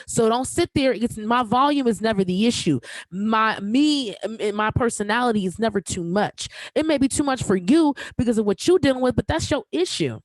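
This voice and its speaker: A woman's voice: a little high, expressive, normal speed, few pauses, dry recording, poor audio. Emphatic podcast host woman, dry close sound. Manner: emphatic, projecting, repeats herself, slangy. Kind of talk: solo podcast rant.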